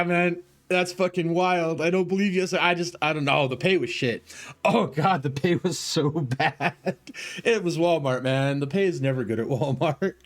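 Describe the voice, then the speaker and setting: A man streaming, telling a rambling story in casual talk, swearing freely and acting out the voices of people he quotes. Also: mid-range voice. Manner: animated, profane, acts out quoted voices.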